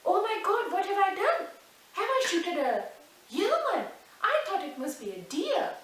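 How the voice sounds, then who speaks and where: A remorseful grown king, as a woman storyteller voices him, talking in an anguished, apologetic way with an animated pitch. An echoey room and a distant mic give the sound its character, and a faint hiss sits underneath. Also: normal speed. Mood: shocked.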